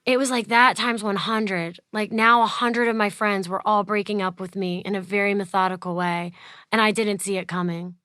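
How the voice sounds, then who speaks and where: A woman's voice: medium pitch, fairly even intonation, normal speed, fairly bright tone, smooth, dry recording, studio quality. A woman in her thirties telling a personal story in an interview, chatty, full of "like", acting out the people she quotes. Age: 30s. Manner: chatty, fills with "like", acts out quoted voices. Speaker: interview guest.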